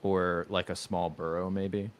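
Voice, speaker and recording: A man in his thirties talks casually into a home mic on a video call. His voice is very low. He rambles in a hesitant way, often stopping to correct himself. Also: little pitch movement, a little slow, clean tone. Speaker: stream host. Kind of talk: casual chat.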